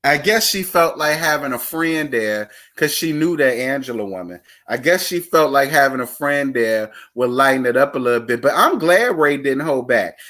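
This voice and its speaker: A man's voice: mid-range voice, lively intonation, normal speed, few pauses, fairly bright tone. A man, sassy and dramatic as he chats casually about reality TV gossip. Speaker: gossip vlogger.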